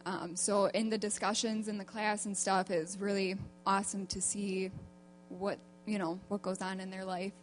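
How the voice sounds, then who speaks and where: A woman's voice: medium pitch, little pitch movement, soft background music. Hesitant woman giving a church testimony. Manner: halting, with many fillers and restarts. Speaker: program participant.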